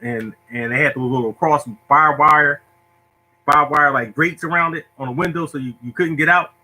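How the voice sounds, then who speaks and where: A middle-aged host tells a funny childhood story to viewers in casual talk, laughing often and acting out the people involved. His voice is fairly high, bright, and forceful at a normal speed, and the recording is rough.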